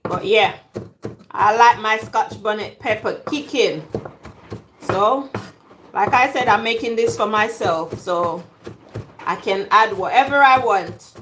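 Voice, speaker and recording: A middle-aged Jamaican woman chatting through a home cooking video in her kitchen, jokey and quick to laugh. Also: medium pitch, noisy background. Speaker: cooking vlogger. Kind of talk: casual cooking chat.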